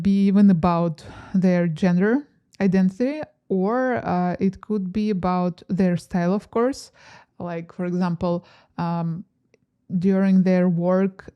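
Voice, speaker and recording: A woman giving a pick-a-card tarot reading to camera, gentle and musing, with frequent fillers and soft laughs. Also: lowish voice, clean tone. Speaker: tarot reader.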